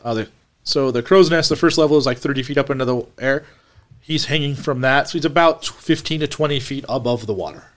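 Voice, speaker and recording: Male game master, mid-pitch, casual explaining narrator. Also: fairly quick. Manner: explains scenes with fillers and restarts.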